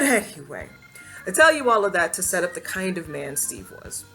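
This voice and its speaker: Bright-voiced woman telling a story. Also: fairly low pitch, normal speed, soft background music. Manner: expressive, laughs often, acts out quotes. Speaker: vlogger and channel host. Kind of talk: casual personal storytelling to camera.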